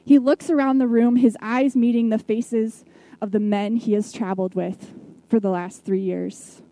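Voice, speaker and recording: A woman preacher retelling a Bible story in a sermon, reflective, with soft hushed drops at key moments. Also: a little high, steady tone, moderate pace, dry recording, poor audio.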